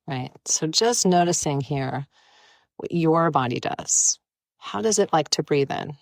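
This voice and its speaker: A woman with a low, grounded voice leads a guided breathwork session in an easy, playful way. She talks listeners through each inhale and exhale without hurrying. The sound is dry, with no room around it. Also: no room sound. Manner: gentle, playful, unhurried guidance. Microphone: close mic, live stream.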